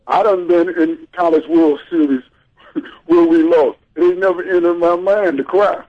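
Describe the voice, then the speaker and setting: A man's voice: on the high side, fairly even intonation, normal speed, lo-fi sound. A man who played college ball, talking sports as a guest on a radio show in an emphatic, folksy way, repeating his point. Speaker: guest, former college athlete. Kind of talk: casual radio sports chat.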